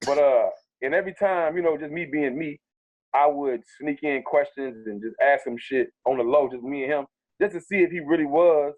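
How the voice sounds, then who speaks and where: A man who is a comedian guest, telling stories in a casual interview, animated and profane, acting out what people said to him. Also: a little high, moderate pace. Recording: tinny phone-like sound.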